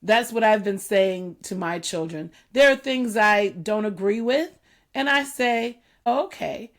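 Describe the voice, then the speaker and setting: Slow, earnest middle-aged woman. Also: mid-range voice. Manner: earnest, measured, repeats key points slowly. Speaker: podcast host. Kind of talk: reflective solo talk.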